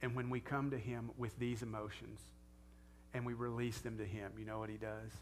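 Earnest pastor preaching conversationally. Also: male voice, mid-range voice, little pitch movement, moderate pace, slight background noise. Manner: earnest, conversational, rising to fervent prayer. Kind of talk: sermon and closing prayer.

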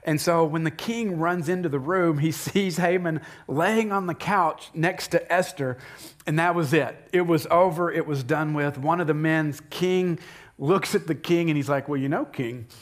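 A pastor giving a sermon, retelling a story in an animated, conversational way with asides to the congregation. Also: male voice, a little high, normal speed.

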